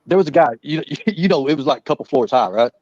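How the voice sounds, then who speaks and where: A man's voice: fairly high pitch, lively intonation, fast talker, darkish tone, dry recording. A man, telling rambling, profane, laughing anecdotes in casual talk. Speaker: guest storyteller. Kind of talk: casual storytelling. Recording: muffled lo-fi audio.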